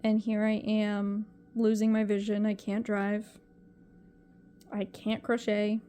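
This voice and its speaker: A woman's voice: mid-range voice, completely flat delivery, takes it slowly, warm tone, a little hiss or hum. A young woman talking to camera in a personal vlog, emotional and rambling, often repeating herself. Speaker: vlogger.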